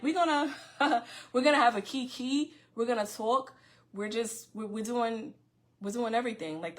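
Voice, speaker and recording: A middle-aged woman talks straight to her viewers on a casual livestream podcast. Her words come fast and loud, and she often restarts her sentences. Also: medium pitch. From Far Rockaway, Queens, New York. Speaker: podcast host.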